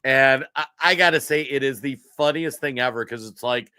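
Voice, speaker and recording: A man's voice: mid-range voice, moderate pace, bright, forceful tone, smooth, no room sound, clean studio sound. A man co-hosting a political talk show, talking casually with mocking emphasis and frequent laughter. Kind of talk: casual commentary.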